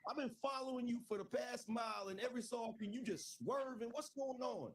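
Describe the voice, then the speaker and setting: A man's voice: extremely high pitch, a little fast, distant mic, pitched above the performer's own voice. A man voicing an angry male traffic cop in a joke, raising his voice and barking demands.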